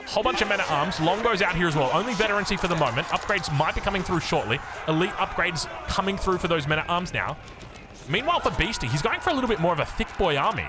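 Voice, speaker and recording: An Australian man commentating a strategy game match in an excitable, chatty way, joking and digressing as he goes. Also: high voice. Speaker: game caster.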